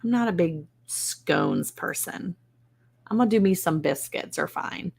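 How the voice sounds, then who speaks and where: A woman chats casually on a live stream from her home, wry and self-mocking. Her voice sits low with a gravelly fry, and she talks in loose, rambling asides. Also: expressive, measured pace, darkish tone. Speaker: host of a live ranch stream. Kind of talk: casual live-stream chat reading comments. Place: indoors at home.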